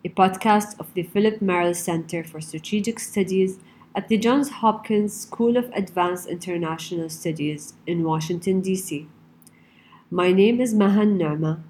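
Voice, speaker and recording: Woman, podcast host, lowish voice, measured formal reading. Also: a little mellow, husky. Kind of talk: scripted introduction and interview questions.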